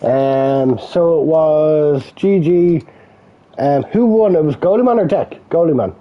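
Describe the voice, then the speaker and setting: A man's voice: fairly high pitch, a little slow, highs cut off. A man co-hosting a racing stream, chatting casually, greeting drivers and grumbling about the game. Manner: friendly, congratulates drivers, resigned about game issues. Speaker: racing league co-host. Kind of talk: casual livestream chat.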